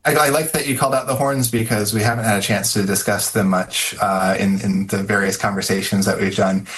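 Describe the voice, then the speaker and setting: A man's voice: on the low side, steady tone, a little fast, a bit bright. A man speaking as a guest author in an interview, thoughtful, with many fillers and restarts. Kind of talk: casual interview answers.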